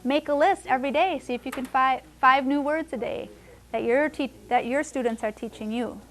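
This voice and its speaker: A woman teaching conversational Spanish to adults, switching between English and Spanish and repeating phrases slowly for the learners. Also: high-pitched, fairly bright tone. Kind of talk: classroom language lesson.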